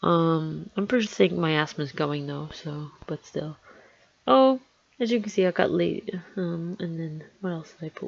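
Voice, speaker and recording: A man's voice: fairly high pitch, unhurried, gravelly, no room sound, dull audio. A man narrating his drawing in a rambling, nervous way, full of ums and restarts, recorded on a headset mic. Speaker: artist narrating a speedpaint. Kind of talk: casual voice-over narration. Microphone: headphones with built-in mic.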